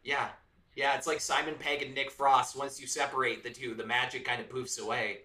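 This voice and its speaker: A man's voice: medium pitch, flat delivery, brisk, bright, forceful tone, recorded from a distance. A man chatting casually on a movie podcast, laughing between his points. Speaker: podcast co-host. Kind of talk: casual film discussion. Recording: roomy sound, off-mic.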